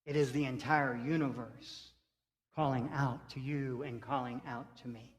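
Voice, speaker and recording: A man's voice: medium pitch, steady tone, a little slow. A man preaching a sermon as pastor, earnest, with rhythmic repeated lines. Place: church sanctuary. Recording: reverberant church sanctuary.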